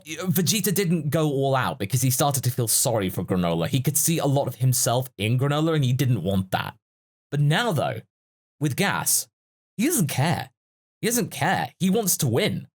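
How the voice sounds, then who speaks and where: A man's voice: fairly high pitch, expressive, moderate pace. A man hosting a casual podcast discussion, musing and analytical in a chatty way. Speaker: podcast host.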